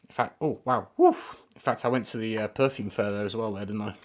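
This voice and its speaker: A man's voice: fairly low pitch, steady tone, quick pace. A man giving casual, rambling first impressions of fragrances on a live stream, often searching for words. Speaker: fragrance reviewer.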